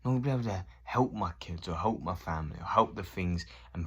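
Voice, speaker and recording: A man's voice: low voice, fast, fairly bright tone, slightly rough, muffled recording. A man in his thirties ranting casually to camera, swearing and acting out both sides of conversations. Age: 30s. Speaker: vlogger.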